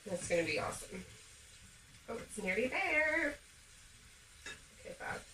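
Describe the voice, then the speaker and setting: A woman's voice: a little high, big pitch swings, a little slow, sharp tone, a little hiss or hum. A woman chatting upbeat to her viewers while she bakes at home, talking them through each step in her kitchen. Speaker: home baking vlogger. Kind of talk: casual cooking demonstration. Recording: echoey kitchen, mic a bit far off.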